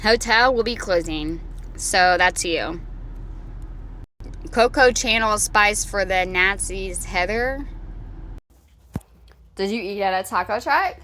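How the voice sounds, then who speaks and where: A woman's voice: mid-range voice, slow pace, long pauses, fairly bright tone. A woman in her thirties giving casual reaction commentary, blunt and mocking, reading live chat aloud. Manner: blunt, mocking, repeats short jabs.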